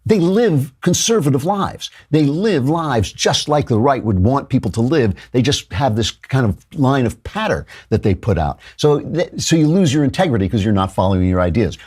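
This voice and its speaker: A man hosting a political talk show, delivering fast, argumentative commentary and breaking into laughter mid-sentence. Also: on the low side, a little mellow, breathy edge. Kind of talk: opinionated commentary.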